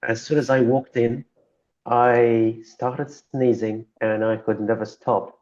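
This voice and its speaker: A man's voice: medium pitch, little pitch movement, takes it slowly, a little mellow. A man co-hosting a podcast in casual chat, telling stories and laughing often as he talks. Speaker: podcast co-host. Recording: dull lo-fi recording.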